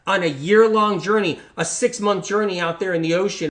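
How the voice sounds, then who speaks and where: A middle-aged man talks in an animated monologue, his voice sitting a little high for a man. He hammers his points with repeated rhetorical questions and swings from loud outbursts to quieter, low-key stretches. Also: normal speed, few pauses, no echo. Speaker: health talk host.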